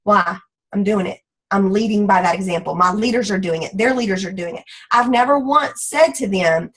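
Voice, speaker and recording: A woman leading a motivational team call, energetic and folksy, slipping into playful voices for quotes. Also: mid-range voice, normal speed, poor audio. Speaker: team leader.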